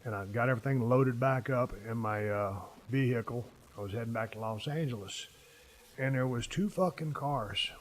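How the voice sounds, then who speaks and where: Man in his 50s telling long cussing stories on his podcast, middle-pitched voice. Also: moderate pace. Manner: profane, rambling storyteller. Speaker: podcast host. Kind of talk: casual chat.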